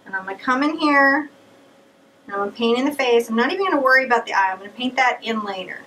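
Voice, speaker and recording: A woman teaching a paint-along painting lesson, chatting and telling lively stories with playful asides as she works. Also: a little high, quick pace, recorded from a distance, a little hiss or hum. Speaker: painting instructor. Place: home art studio.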